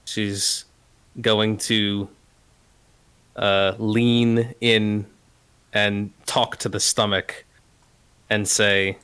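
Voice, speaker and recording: A man speaks slowly in a smooth, clear voice, working through his turn in a tabletop game. He sounds hesitant and thinks out loud as he goes. His voice sits a little on the low side. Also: level tone. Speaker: player. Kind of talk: casual tabletop game play.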